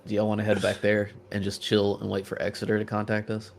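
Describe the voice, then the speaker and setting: A man's voice: lowish voice, monotone, fast talker, gravelly, a little hiss or hum. A man chatting casually as a player in a tabletop role-playing game, easygoing and planning moves.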